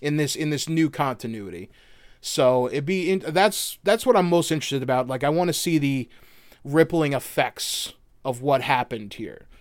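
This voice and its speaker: A man's voice: a little high, animated, moderate pace, dry recording, clean studio sound. A man co-hosting a podcast, loose and chatty, swearing casually as he breaks down a video game. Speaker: podcast co-host.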